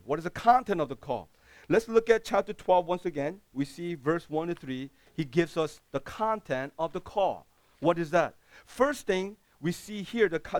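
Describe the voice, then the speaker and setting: A middle-aged man preaching a sermon as pastor, swinging from loud bursts to hushed, low passages. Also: no echo.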